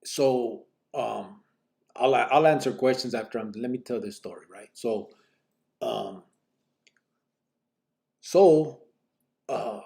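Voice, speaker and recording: A man's voice: medium pitch, slow, vocal fry, long pauses, warm tone. A man telling his own story on a podcast in casual street slang, rambling with many fillers and acting out other people's lines.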